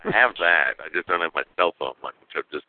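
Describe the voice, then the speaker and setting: Low-pitched male co-host, halting and self-correcting; dry tinny phone line. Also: expressive, no room sound. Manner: halting, stumbles and repeats words. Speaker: podcast co-host. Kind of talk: casual chat.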